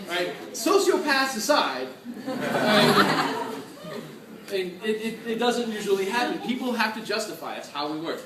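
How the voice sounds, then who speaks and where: A man giving a lively convention panel talk, excitable, laughing often and acting out his own reactions. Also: high-pitched, a little slow. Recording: echoey room, from far off.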